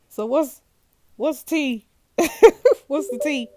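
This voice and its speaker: A woman's voice: high-pitched, takes it slowly, over music. A young woman hosting a let's play, reading messages aloud and reacting with laughter and slang. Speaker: gaming host.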